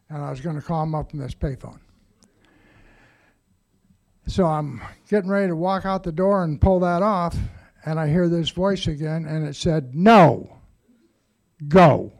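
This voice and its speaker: Gravelly older man telling his story. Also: fairly high pitch, darkish tone. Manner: plain-spoken, wry and blunt, with some swearing. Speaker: speaker sharing his recovery story. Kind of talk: personal storytelling to a group.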